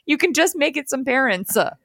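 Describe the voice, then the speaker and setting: A young woman co-hosting a casual podcast chat, animated and laughing often, with lots of fillers. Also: high-pitched, a little fast, vocal fry, dry recording, clean studio sound. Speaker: podcast co-host.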